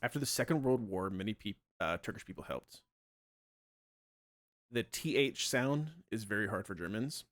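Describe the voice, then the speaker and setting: A man's voice: on the low side, lively intonation, normal speed, a bit bright, dry recording, studio quality. A man chatting casually on a live stream while he plays, thinking aloud and rambling with plenty of fillers.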